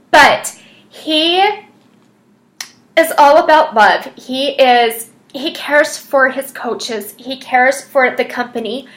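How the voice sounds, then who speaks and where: A woman's voice: a little high, a bit bright. A woman telling her personal story as a fitness coach, earnest and chatty with lots of fillers. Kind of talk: personal story, casual monologue.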